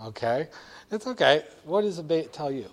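A man teaching a class, explaining with animated emphasis that swings from quiet asides to loud, punchy points. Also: on the high side, brisk. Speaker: instructor. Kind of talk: classroom lecture.

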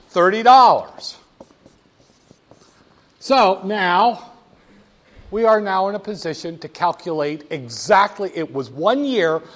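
A man's voice: sits high, fairly bright tone. A man lecturing a class, playful and teasing, talking straight to the students.

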